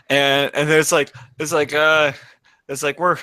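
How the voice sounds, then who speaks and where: Bright-voiced man telling crude stories. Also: a little high, no room sound. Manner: crude storytelling, swears freely. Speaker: podcast co-host. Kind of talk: casual chat.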